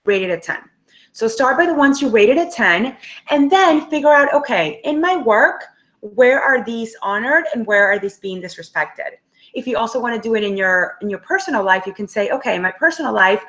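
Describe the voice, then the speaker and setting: A woman's voice: fairly high pitch, a bit bright. A young adult woman, a career coach, teaching a webinar in a casual, direct way and acting out inner thoughts.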